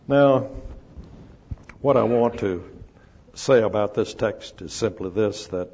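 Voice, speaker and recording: An older man preaching an expository sermon, slow and emphatic, stressing scripture word by word. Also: mid-range voice, lively intonation, darkish tone, breathy edge. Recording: dull lo-fi recording.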